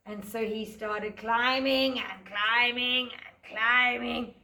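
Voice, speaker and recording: A woman, a teacher telling a fairy tale to young children and guiding a craft, in a gentle sing-song voice that stretches words out. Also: fairly high pitch, steady tone, slow, few pauses, echoey room. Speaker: preschool teacher. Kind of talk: storytelling and craft lesson for children.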